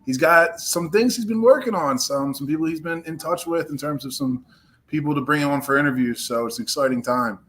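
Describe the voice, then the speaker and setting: A man chatting casually about football as a guest on a live draft stream, with joking, relaxed banter. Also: fairly high pitch, fairly quick, slight background noise. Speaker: guest co-host.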